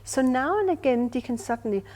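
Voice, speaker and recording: A woman's voice: high voice, brisk. Older woman medium, emphatic storyteller. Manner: emphatic, animated storyteller, asks "do you see what I mean". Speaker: spiritual medium. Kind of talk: conversational interview storytelling.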